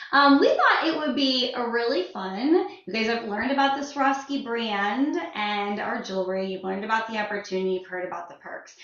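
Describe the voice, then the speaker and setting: A woman's voice: fairly high pitch, a bit bright. A bubbly woman hosting an upbeat sales event and introducing a guest, with lots of fillers. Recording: distant echoey muffled audio.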